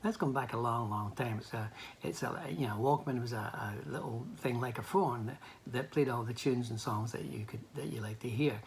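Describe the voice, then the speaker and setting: A man's voice: mid-range voice, normal speed, creaky, a little hiss or hum. An older man giving a motivational training talk, telling a personal story in a hesitant, anecdotal way with many restarts.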